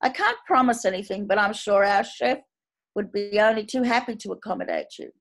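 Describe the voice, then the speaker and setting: A woman's voice: mid-range voice, brisk, lightly acted. An Australian woman reading the lines of a courteous, formal male waiter. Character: polite smooth male train waiter.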